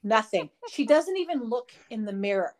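A woman co-hosting a podcast in casual chat, telling stories in an animated, profane way. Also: a little high, normal speed. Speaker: podcast co-host.

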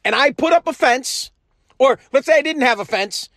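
A man's voice: very high-pitched, animated, normal speed, pushed and bright, no room sound, clean studio sound. A man giving a heated, profane political rant, mocking the people he talks about. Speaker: political commentary host.

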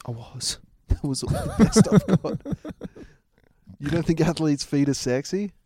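A man co-hosting a comedy podcast, joking and often trailing off quietly. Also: on the high side, animated, measured pace, husky. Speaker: podcast co-host. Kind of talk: casual comedic banter.

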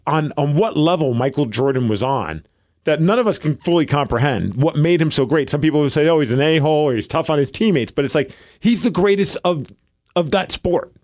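A man's voice: a little high, lively intonation, brisk, a little mellow, no echo, studio quality. A man co-hosting a podcast in casual chat, joking and rambling with lots of filler words. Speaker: podcast co-host.

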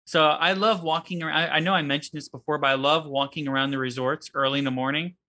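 A man co-hosting a casual podcast, retelling funny moments in an animated way. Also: a little high, fast talker. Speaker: podcast co-host. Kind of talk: casual chat.

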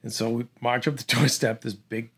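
A middle-aged man from the Boston area telling an animated story in casual conversation, acting out voices and often restarting his sentences. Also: mid-range voice, normal speed, husky.

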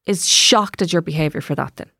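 A woman's voice: low-pitched, a little fast, vocal fry, pushed and bright, no room sound, studio quality. A woman, an actor, chatting as a guest, teasing and playful, hopping from topic to topic. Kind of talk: casual chat.

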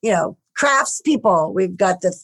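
A woman, a film makeup artist, telling stories in an interview, growing animated when excited. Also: medium pitch, unhurried. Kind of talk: interview, casual storytelling.

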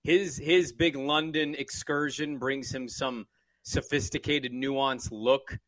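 A man's voice: mid-range voice, steady tone, fairly bright tone, dry recording. A man from the West Coast co-hosting a sports podcast, opinionated and joking in casual chat. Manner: opinionated, joking, quick asides.

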